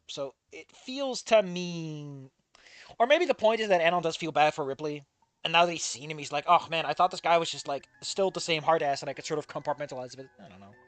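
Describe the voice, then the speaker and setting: Sarcastic lively-voiced game commentator. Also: medium pitch. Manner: sarcastic, exasperated, laughs at the writing. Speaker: let's play commentator. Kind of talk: sarcastic playthrough commentary on a visual novel.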